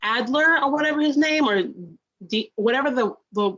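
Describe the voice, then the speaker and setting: A young woman with a fairly high voice talks through a show review in a loose, animated, rambling way, piling on asides. Her sound is dull and lo-fi, as if from a basic setup. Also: moderate pace. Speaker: podcast co-host. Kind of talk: casual review chat.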